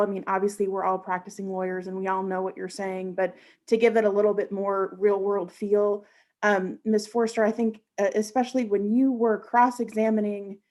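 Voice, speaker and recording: A woman's voice: mid-range voice, a little mellow. Friendly woman giving feedback. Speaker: lawyer judging a mock trial.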